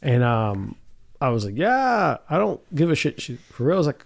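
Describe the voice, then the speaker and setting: A man's voice: on the high side, sing-song, moderate pace, vocal fry. A man co-hosting a podcast, telling stories in casual chat, swearing freely and laughing often. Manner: profane, laughing storyteller. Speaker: podcast co-host.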